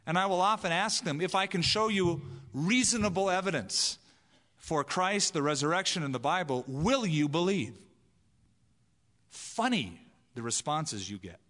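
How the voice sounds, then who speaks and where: A man's voice: high-pitched, animated, a little slow, fairly bright tone, big-room sound. A man preaching a sermon in a conversational way, acting out the voices he quotes. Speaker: pastor.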